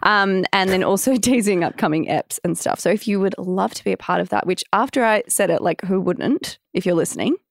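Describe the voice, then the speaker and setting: A woman co-hosting a podcast in casual chat, upbeat and quick to laugh while making announcements. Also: mid-range voice, gravelly, no room sound, studio quality. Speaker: podcast co-host.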